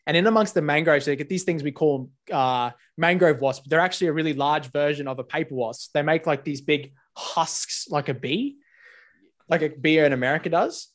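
A man's voice: on the high side, moderate pace. A man with an Australian accent, hosting a casual podcast and telling stories with lots of swearing. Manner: swears a lot, animated storytelling. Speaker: podcast host.

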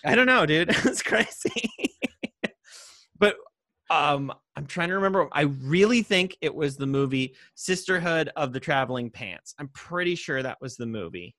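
A man's voice: fairly high pitch, lively intonation, moderate pace, pushed and bright, dry recording, clean studio sound. A man in his thirties co-hosting a casual movie chat, laughing often and retelling scenes with animation. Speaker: podcast co-host.

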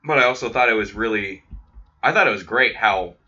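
A young man riffs on movies in a loose, profane podcast chat. His voice sits low but comes across bright and forceful. The recording is dull and lo-fi. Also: expressive, a little fast. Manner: profane, joking, acts out quotes. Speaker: podcast co-host. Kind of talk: casual chat about movies. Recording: dull lo-fi sound.

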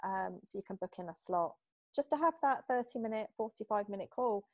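A British woman talks as a guest on an interview podcast about her therapy work. She chats along easily, slipping into little acted-out quotes of clients. Her voice sits mid-pitch and sounds close and dry, with no room around it. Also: fairly quick, no room sound. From Britain. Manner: chatty, animated, acts out little quoted exchanges. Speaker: hypnotherapist guest. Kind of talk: casual interview talk.

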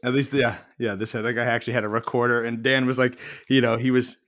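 Quick-paced and mid-range in voice, this man co-hosts a podcast and spins lively stories in casual conversation, performing the quotes of each character he mentions.

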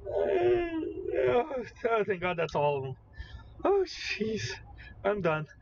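Excitable high-voiced man cohosting a podcast. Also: a little slow. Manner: excitable, swears, exclaims in disbelief. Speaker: podcast co-host. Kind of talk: casual chat. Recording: slightly muffled with faint noise.

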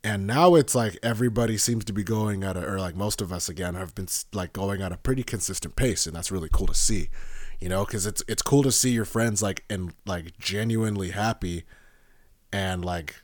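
A young man hosting a podcast, chatting casually in a rambling, profane, animated way and laughing often. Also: sits low, brisk, no echo, studio quality. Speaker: podcast host.

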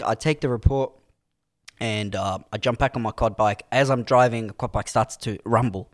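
A man's voice: on the low side, normal speed, dry recording, clean studio sound. A young man, telling a story animatedly in a casual podcast chat. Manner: animated, dramatic retelling with quoted voices.

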